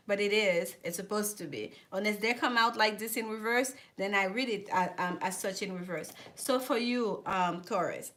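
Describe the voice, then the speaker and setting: A woman's voice: medium pitch, a bit bright. A woman giving a live tarot reading, chatting with viewers and often repeating herself. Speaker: tarot reader.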